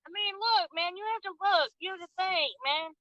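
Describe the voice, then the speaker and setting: Defensive, swearing high-voiced woman. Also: normal speed, bright, forceful tone, no echo. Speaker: mother of a missing girl. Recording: dull lo-fi call audio.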